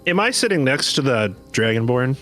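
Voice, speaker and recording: A man's voice: mid-range voice, very animated, moderate pace, a bit bright, soft background music. A man taking his turn as a player in a tabletop game, goofy and playful. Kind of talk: tabletop role-play.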